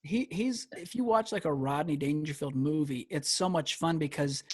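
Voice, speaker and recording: A man's voice: a little high, normal speed, husky, dry recording, studio quality. A man who is a comedian guest on a podcast, chatting casually and animatedly and laughing often.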